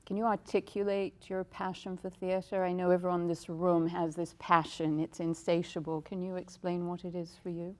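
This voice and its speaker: A woman interviewer asking calm, measured questions. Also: lowish voice.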